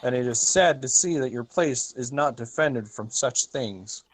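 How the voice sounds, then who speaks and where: A young man speaks in character at a tabletop game. His delivery is earnest but halting, with frequent pauses. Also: medium pitch, lively intonation. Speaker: player. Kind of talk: in-character role-play.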